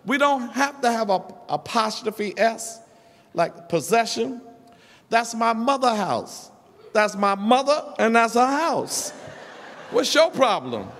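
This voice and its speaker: A man's voice: extremely high pitch, big pitch swings, fairly bright tone. A man giving a rhythmic, impassioned speech to a conference audience, drawing out words for emphasis. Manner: preacherly, rhythmic, drawn-out emphasis with asides to the crowd. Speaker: conference speaker. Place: college auditorium. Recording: echoey hall.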